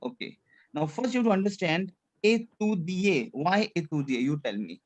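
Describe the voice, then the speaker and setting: This man's high, sing-song voice moves fairly quickly, and the recording's highs are cut off. He's a French teacher giving language instruction, repeating material, having the class echo him, and slipping phrases such as "c'est clair" into his English.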